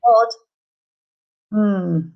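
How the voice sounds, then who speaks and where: A woman's voice: mid-range voice, drawn-out words, vocal fry, highs cut off. A woman working as a medium, relaying spirit messages live and acting out what she is told. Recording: livestream.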